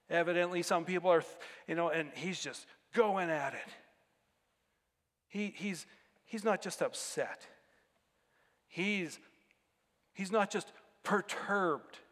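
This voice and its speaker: A man's voice: high-pitched, a little slow, fairly bright tone, long reverb tail. A man pastor giving a conversational sermon, breaking into sudden emphatic bursts.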